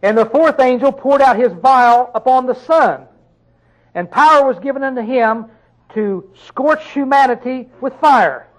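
Male preacher with a high voice; sermon delivery, questioning listeners, with sudden loud emphatic bursts. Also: expressive, low-quality recording. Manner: reads scripture slowly and drawn out.

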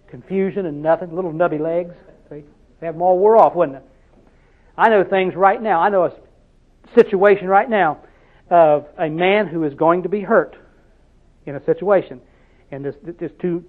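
Male preacher, high-pitched, tinny lo-fi recording; folksy sermon full of rhetorical questions. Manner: drives points home with repeated "See?" questions; storytelling, conversational.

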